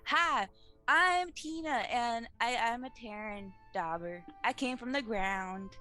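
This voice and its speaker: A woman playing an excitable young creature from underground who gushes and giggles. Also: fairly high pitch, slow pace, faint music behind. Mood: gushing. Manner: giggly, gushing, squealing. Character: excitable young female mole-like dauber from underground. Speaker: player. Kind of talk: tabletop role-play.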